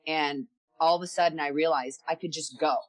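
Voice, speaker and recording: A woman's voice: deep voice, fairly even intonation, fairly quick. A woman as a podcast guest, telling her own story candidly and reflectively, often repeating words as she gathers her thoughts.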